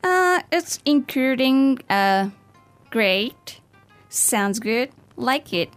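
A woman's voice: high voice, lively intonation, drawn-out words. A woman co-hosts a language podcast. She models each phrase carefully and repeats it for learners, then answers questions in short sentences. Faint music sits behind her. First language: Japanese. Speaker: podcast co-host and native-speaker model.

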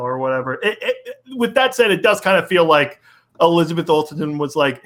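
Excitable man with a bright voice. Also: on the high side. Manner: excitable, laughs often, quick fan talk. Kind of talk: casual chat.

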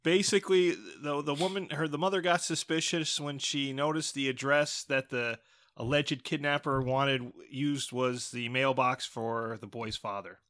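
A man hosts a loose podcast conversation with a deadpan, teasing humor, his asides sinking into low mutters. His voice sits in an ordinary middle range. The sound is close and dry, with no room around it. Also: a little slow, dry recording. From New England. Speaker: podcast host. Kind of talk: casual chat.

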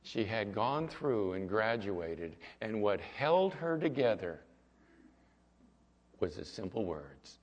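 A male pastor preaching a sermon and telling a story, moving between loud passages and hushed ones. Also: fairly low pitch, sing-song, slow pace. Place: church sanctuary. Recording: echoey hall, dull lo-fi sound.

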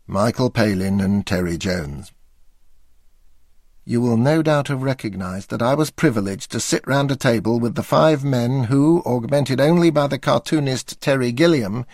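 A man's voice: medium pitch, darkish tone, no echo. An older man reading his memoir aloud with dry, wry understatement. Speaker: memoir narrator.

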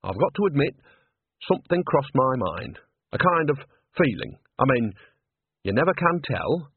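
A man's voice: medium pitch, very animated, normal speed, slightly rough, no room sound. A man voicing a fretful, earthy old witch woman who talks in a worried, hesitant way, on a dry lo-fi recording. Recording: dry, narrow lo-fi band.

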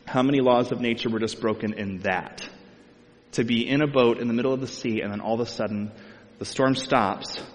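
A man preaching a sermon, mixing scripture reading with relaxed, conversational asides. His voice sits at an ordinary middle pitch. The sound rings with the long reverb of a large hall. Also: brisk. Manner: conversational, asides and speculation with light laughs.

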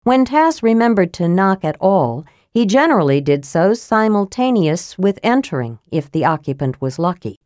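A woman narrating a fantasy audiobook in a measured, grave storytelling manner, close to a studio microphone. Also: medium pitch, big pitch swings, darkish tone, no echo.

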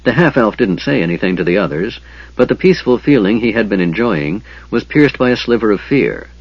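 A man reading a fantasy novel aloud in a measured storytelling manner. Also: fairly low pitch, lively intonation, slightly rough, no echo, lo-fi sound. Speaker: audiobook narrator. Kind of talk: scripted fantasy narration.

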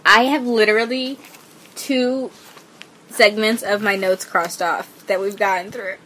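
A woman's voice: mid-range voice, steady tone, unhurried, sharp tone. Woman podcast co-host, casual and giggly, talking over a faint background hiss. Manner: chatty, laughs often, apologetic asides. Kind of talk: casual chat recap of a TV show.

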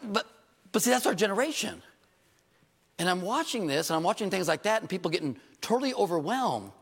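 A man preaching a sermon in a church, animated and joking, with rhetorical questions to his congregation. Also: high-pitched, brisk, vocal fry, slightly rough. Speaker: pastor. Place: church hall. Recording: reverberant church hall.

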